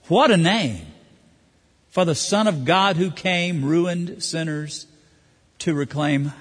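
Animated male preacher in a reverberant hall. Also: on the high side, a little slow, slightly rough. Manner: animated, acts out quoted voices. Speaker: pastor. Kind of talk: sermon.

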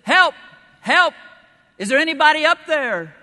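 A preacher acting out a desperate man dangling off a cliff edge, shouting up in a high, strained, frantic voice. The bright, forceful yells ring out with long hall reverb. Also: expressive, measured pace, exaggerated voice.

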